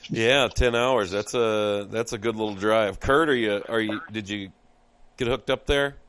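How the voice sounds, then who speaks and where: A man's voice: on the low side, fairly even intonation, measured pace, a bit bright, a little hiss or hum. A man hosting a podcast, talking in a folksy, upbeat and rambling way with many fillers. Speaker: podcast host. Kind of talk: casual podcast chat with ad reads.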